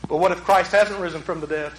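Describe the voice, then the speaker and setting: A man preaching a sermon as a pastor, swinging from loud urgent peaks to hushed low passages. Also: steady tone, fast talker, roomy sound, slight background noise, rough recording.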